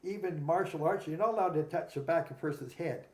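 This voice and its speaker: Man, animated anecdotes, somewhat high voice, roomy echo. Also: fast talker. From Nanaimo, Canada. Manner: animated anecdotes, acts out quotes. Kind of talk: casual storytelling.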